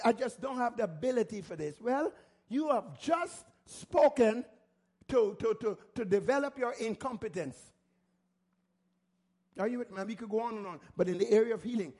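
A man's voice: very high voice, a little mellow. A man pastor preaching a sermon, emphatic and repetitive, asking the listeners rhetorical questions.

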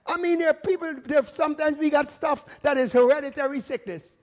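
Male pastor, unusually high-pitched, emphatic sermon delivery that climbs to shouts. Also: brisk. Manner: emphatic preaching with rhetorical questions, rising to shouts.

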